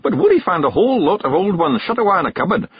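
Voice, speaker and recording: A man voicing a tiny, boisterous male pixie chief, loud and cheerful. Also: sits high, big pitch swings, quick pace, gravelly, breathy edge, no room sound, pitched above the performer's own voice, heavily acted. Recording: dull, dry narration recording.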